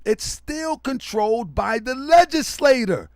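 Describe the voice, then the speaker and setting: A loud, hyperactive man hosting a livestream, talking to his viewers as family and repeating himself for emphasis. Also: very high-pitched, animated, measured pace, no room sound, clean studio sound. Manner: preachy, calls listeners family. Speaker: online show host.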